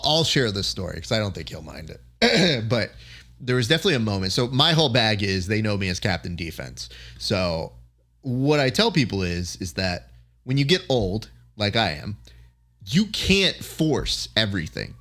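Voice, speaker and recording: A man hosting a podcast, telling a story in a relaxed chat and acting out the back-and-forth he describes. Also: on the low side. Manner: animated storyteller who acts out quoted exchanges. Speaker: podcast host.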